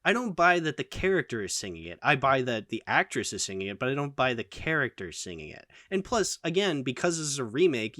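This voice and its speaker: A man's voice: medium pitch, brisk, hardly any pauses, dry recording, clean studio sound. A man hosting a casual film discussion, opinionated and full of fillers. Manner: animated, opinionated, lots of fillers. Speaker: channel host.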